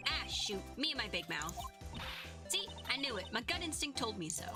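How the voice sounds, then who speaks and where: A woman's voice: fairly high pitch, very animated, normal speed. Bumbling male cop, blustery and slangy, a woman reading him, game music behind. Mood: blustering.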